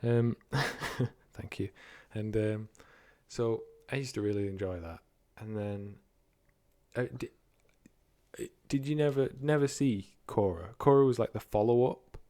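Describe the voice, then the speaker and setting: Casting note: young guy, low voice, banter-heavy co-host, dry unroomy sound, low-budget home mic. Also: mellow, no room sound. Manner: jokey, swearing, quick to laugh, slips into silly voices. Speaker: podcast co-host. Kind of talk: casual chat. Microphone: home podcast mic, low production quality.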